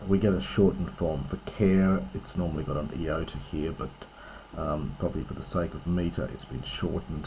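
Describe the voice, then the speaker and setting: A man teaching ancient Greek, reading lines aloud and explaining them slowly and carefully, with many pauses and self-corrections. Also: low-pitched, steady tone, vocal fry, mellow, a little hiss or hum, rough recording. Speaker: classics teacher.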